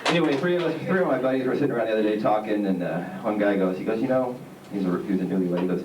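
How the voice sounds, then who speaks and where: A man performing a stand-up comedy routine on a theatre stage, telling stories with deadpan punchlines. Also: fairly low pitch, racing, few pauses. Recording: roomy, distant, noisy live stage recording.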